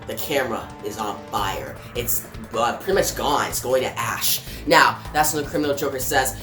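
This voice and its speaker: Guy retelling a comic panel by panel, roomy echo, mid-pitch voice. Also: normal speed, few pauses, fairly bright tone. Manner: plain retelling, voices sound effects. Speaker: comic reviewer. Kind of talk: comic book recap narration. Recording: roomy echo, faint music.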